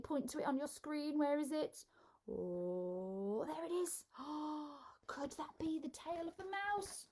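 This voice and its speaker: Animated woman reading stories to kids. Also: sits high. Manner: animated, expressive, coaxing children to join in. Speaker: children's entertainer reading a story. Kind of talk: live storytime reading for kids.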